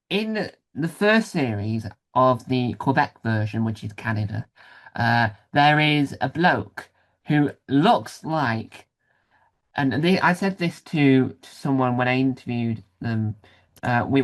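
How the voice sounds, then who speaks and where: A man hosting a casual interview, rambling and self-deprecating with many restarts. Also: medium pitch. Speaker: podcast host interviewer.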